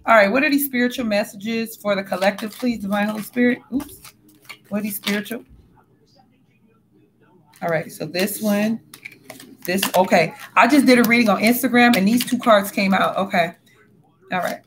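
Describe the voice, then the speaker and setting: A woman's voice: medium pitch, moderate pace, long pauses, noisy background. A woman giving a casual spiritual tarot reading, talking bluntly and animatedly, with frequent swearing. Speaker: tarot reader.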